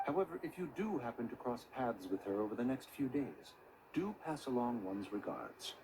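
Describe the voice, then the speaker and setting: A man voicing an aloof ancient beast adept who speaks in measured, archaic, formal sentences, in game dialogue. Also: medium pitch, sing-song, heavy background noise. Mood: grave.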